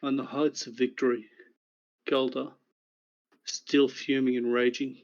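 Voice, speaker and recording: A man narrating a recap of the last tabletop game session as game master, in a measured storytelling way. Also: medium pitch, level tone, darkish tone, dull audio.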